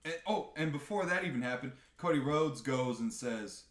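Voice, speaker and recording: A man on a live podcast, chatting casually in a profane, animated rant. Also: medium pitch, moderate pace, echoey room. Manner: animated, profane ranting with mocking impressions. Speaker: podcast co-host.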